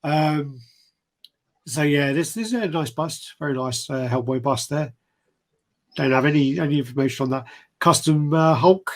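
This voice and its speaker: Husky man in blunt casual chat. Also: fairly high pitch, normal speed. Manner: blunt, swears freely, laughs often. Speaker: collectibles show co-host.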